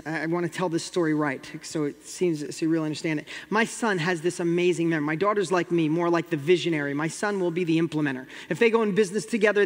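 High-pitched New York man, storytelling. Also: in a large hall. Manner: animated, acts out dialogue with rising intensity. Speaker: guest. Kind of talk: motivational storytelling.

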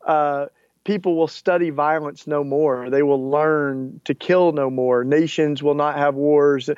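An earnest male guest speaking in a fairly high voice, searching for words with frequent restarts. The recording is dull and lo-fi, dry with no room sound. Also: darkish tone, dry recording. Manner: earnest, many restarts and fillers. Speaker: author and activist guest. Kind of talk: interview clip, casual explaining.

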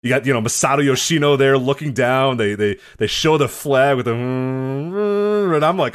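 A man's voice: mid-range voice, moderate pace. A man co-hosting a podcast, teasing his partner and laughing often in casual banter. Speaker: podcast co-host.

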